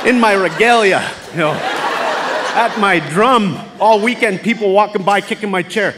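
A man performing a stand-up comedy set on a theatre stage, telling animated stories that build to shouted chants. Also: sits high, takes it slowly, pauses often, big-room sound, heavy background noise. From Canada. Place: theatre stage before a live audience. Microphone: stage microphone. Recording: live theatre taping with audience laughter.

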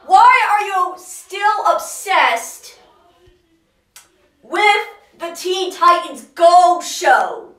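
A woman hosts her own channel with a ranting commentary. She talks slowly and sounds exasperated, repeating the same complaints. Her high voice rings out in an echoey room. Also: lively intonation, pushed and bright. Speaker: channel host. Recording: roomy echo.

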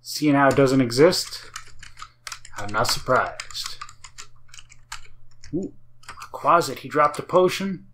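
A woman with a low voice talks slowly through a game session, wry and half to herself. Faint keyboard typing and clicks sit behind her. Casual gameplay commentary. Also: animated, fairly bright tone, a little hiss or hum. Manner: wry, muttering to self while playing. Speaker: game streamer.

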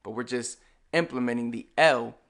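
A man with a Puerto Rican accent, explaining language points in a relaxed, casual lesson and slowly repeating example words. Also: medium pitch. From Puerto Rico. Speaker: Spanish language teacher.

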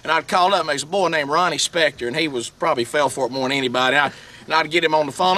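A man telling a funny story in a lively, chuckling way, outdoors by a lake. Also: on the high side, rapid-fire, a little hiss or hum. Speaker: radio host, guest on outdoors show. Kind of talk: animated storytelling.

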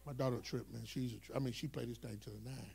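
A male pastor preaching a sermon, dropping to low storytelling and rising to shouted, whooping calls. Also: fairly even intonation, rapid-fire, vocal fry. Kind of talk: Black Baptist preaching.

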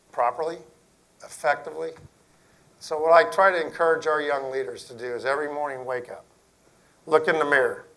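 Here a middle-aged Air Force general, his voice pitched a little high, recounts a story to school principals with folksy sincerity and sinks to a hush for emphasis. It's a low-quality recording.

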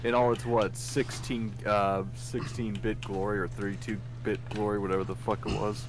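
A man's voice: lowish voice, level tone, normal speed, noisy background. Rambling male caller telling a story. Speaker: guest on a voice call. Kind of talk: casual chat.

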